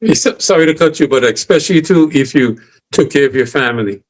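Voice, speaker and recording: A man's voice: on the high side, expressive, brisk. Emphatic man in casual talk. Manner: emphatic, leans on "you know what I mean" and "right?". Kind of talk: casual podcast chat.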